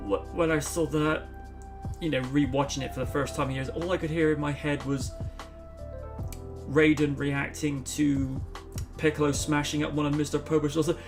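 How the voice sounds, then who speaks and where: A man's voice: medium pitch, steady tone, normal speed, over music. Rambling man, mock-quoting movie lines. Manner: rambling, laughs and acts out movie lines in loud mock voices. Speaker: host. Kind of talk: casual chat, live stream.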